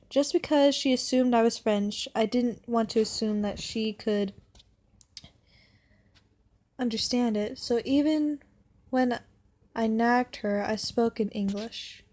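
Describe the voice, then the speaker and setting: Young woman, slightly high voice, story reader who stumbles and self-corrects. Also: measured pace, darkish tone. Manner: stumbles and corrects herself while reading. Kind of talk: reading online stories aloud.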